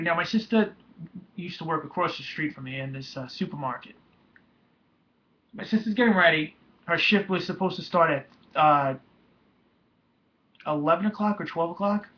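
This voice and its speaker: A young man telling a painful personal story in a halting, emotional way, with many restarts. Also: fairly high pitch. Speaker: vlogger. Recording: dull lo-fi home recording.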